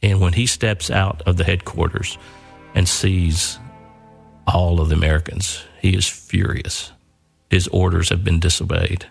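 An older man earnestly telling a family war story, pausing and repeating words as he goes. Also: sits low, flat delivery, gravelly, breathy edge, soft background music. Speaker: son telling his father's war story.

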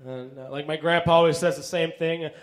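A man in his thirties delivering stand-up one-liners in a deadpan way, with filler "uh"s. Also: a little high, fairly quick. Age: 30s. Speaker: stand-up comedian.

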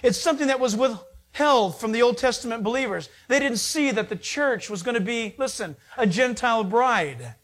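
A man's voice: very high voice, expressive, normal speed, fairly bright tone. A man preaching a sermon, retelling the story in a casual, conversational way and acting out the people's lines. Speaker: pastor.

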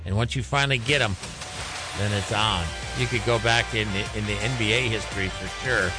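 A man's voice: fairly low pitch, a little fast, loud music behind the voice. A man co-hosting a sports radio segment, talking casually with fillers.

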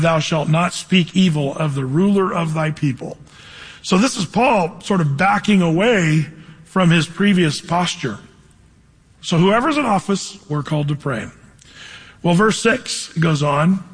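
A man's voice: sits high, breathy edge, long reverb tail. A man preaching a verse-by-verse sermon, reading scripture aloud and putting questions to the congregation in a conversational way. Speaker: pastor teaching a Bible study.

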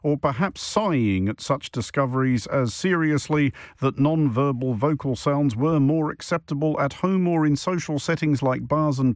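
A man's voice: mid-range voice, no echo. A man hosting a radio panel show, asking questions with dry, wry humor. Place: radio studio.

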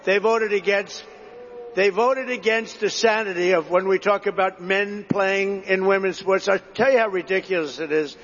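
A man's voice: high voice, steady tone, moderate pace, a bit bright, long reverb tail, muffled recording. Rambling man giving a rally speech. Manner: rambling, digressive, repetitive storytelling to a crowd. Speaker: political speaker at a rally.

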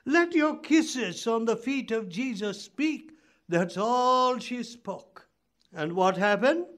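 A man's voice: very high-pitched, lively intonation, slow, a bit bright. A man preaching a sermon, reading scripture and asking the listeners pointed rhetorical questions. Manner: emphatic, rhetorical questions, reads scripture aloud.

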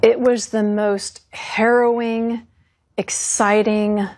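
A woman in her fifties, a former fighter pilot, recounting her experience in an earnest, steady and resolute interview manner. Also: on the high side, takes it slowly, no room sound.

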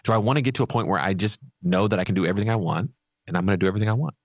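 A man who is a financial advisor on a radio show, telling animated stories and laughing easily. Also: fairly low pitch, rapid-fire, dry recording, clean studio sound. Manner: animated storyteller, acts out little voices, laughs easily.

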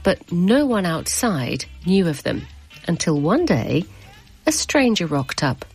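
A woman presenting a radio documentary, narrating from a script and asking questions in a measured way. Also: lowish voice, sing-song, a little mellow, husky, soft background music.

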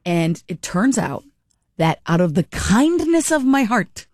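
A woman hosting talk radio, telling a long story in a chatty, animated way with many restarts. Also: mid-range voice, measured pace, no room sound, studio quality. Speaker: radio talk show host.

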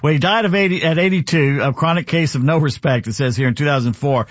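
A man's voice: a little high, quick pace, dry recording, lo-fi sound. A man hosting a sports talk radio show, rambling and opinionated as he tells stories and gives scores. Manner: rambling, opinionated, lively storytelling. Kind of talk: casual sports radio chat. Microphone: studio broadcast mic.

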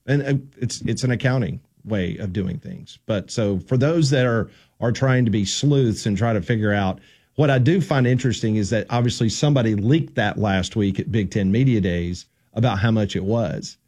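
A man hosts a sports talk radio show in a relaxed, chatty way. His voice sits low with a mellow, warm tone, and he trades easy banter with his co-host. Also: moderate pace, husky.

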